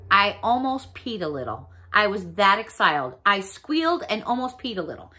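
An excitable woman from the United States chatting casually through a shopping haul, gushing and squealing over her finds. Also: a little high. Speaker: vlogger showing a shopping haul. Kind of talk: casual haul video talk.

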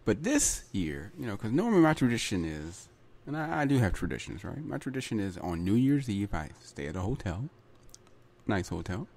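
A man's voice: on the low side, very animated, normal speed, gravelly, a little mellow. A man hosting his own podcast, talking in a chatty solo monologue full of repeats and asides like "right?" and "you know". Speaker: podcast host.

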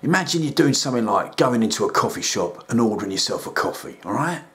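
A man voicing a gruff middle-aged London rehab counselor who talks down in a deadpan, patronizing way. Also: fast. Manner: low, deadpan and patronizing, calls everyone son. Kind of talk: sketch comedy voice acting.

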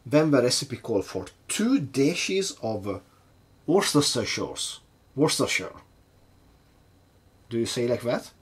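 Lively-voiced man hosting a cocktail vlog. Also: mid-range voice, a little slow, hardly any pauses, husky. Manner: chatty, hesitant, nervously self-mocking. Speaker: home bartender host. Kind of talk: casual cocktail-making vlog.

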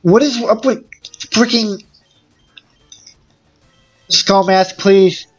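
Excitable slow-talking gamer with frequent groans. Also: medium pitch, highs cut off, soft background music. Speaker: gaming YouTuber. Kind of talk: casual let's-play commentary.

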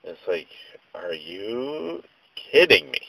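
A man's voice: fairly low pitch, big pitch swings, very slow, creaky, fairly bright tone, dry recording, low-quality recording. A man vlogging a casual rant, telling stories in a rambling, exasperated way with mild slang.

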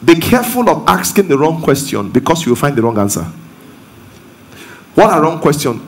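A man's voice: fairly high pitch, a little fast. A man with a Nigerian accent, a pastor giving an interactive sermon that climbs into emphatic preaching. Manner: lively, rising to emphatic preaching.

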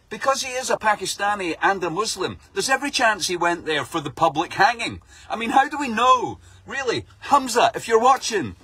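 A middle-aged man delivering a sweary, sarcastic comic rant about the news. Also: high-pitched. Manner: sarcastic, mocking, swears a lot.

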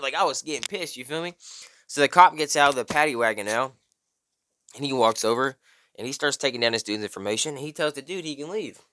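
A young man telling a story casually, full of slang and "bro", loudly acting out the people in it. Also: fast talker. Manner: slangy, animated, says "bro" often; acts out quotes in high strained voice. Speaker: vlogger.

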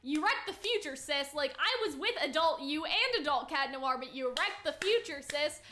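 A woman's voice: sits high, animated, normal speed, pushed and bright, slight background noise. A woman doing a pushy time-traveling heroine.

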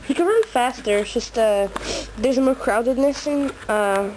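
A woman with a high voice chats slowly and playfully to her dog in a living room. It is recorded on a handheld camera with clear background noise. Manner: playful, coaxing pet talk. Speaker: dog owner filming her puppy. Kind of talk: casual home video, chatting to a pet. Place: living room at home, indoors. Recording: noisy amateur home video.

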